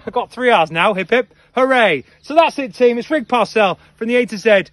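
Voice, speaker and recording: A male head coach giving an upbeat, energetic coaching talk, quizzing listeners and calling them team. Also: very high voice, brisk, no echo. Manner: energetic, playful.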